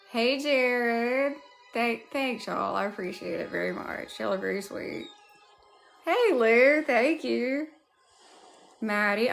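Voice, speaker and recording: Slow-talking Southern woman livestreaming. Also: a little high. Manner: warm greetings to chat, drawling. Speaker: livestream host. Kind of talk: casual live chat.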